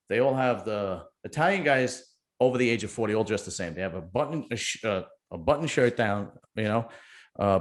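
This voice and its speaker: A middle-aged man, hosting a casual chat and telling a rambling, joking story. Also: fairly low pitch. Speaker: podcast host.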